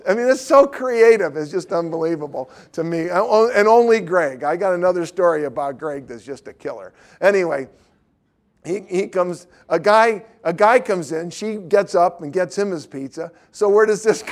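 A middle-aged man preaches in a storytelling style, his voice sitting a touch high for a man. He is animated, slips into acted voices for the people in his story, and laughs as he goes. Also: unhurried. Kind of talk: storytelling sermon.

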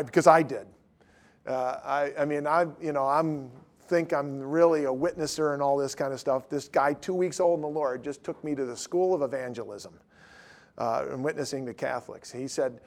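A middle-aged man telling stories in casual talk, swinging from loud emphatic lines to low mumbled asides. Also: normal speed.

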